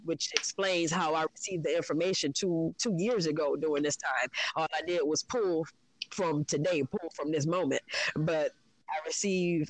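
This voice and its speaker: A woman's voice: deep voice, poor audio. A woman candidly telling her spiritual story in a frank, profane, reflective way, with many fillers.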